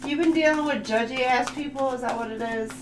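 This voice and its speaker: A woman with a high voice does a livestream tarot reading, speaking fairly quickly in a chatty, emphatic and blunt way. She's in an echoey room with music playing behind her.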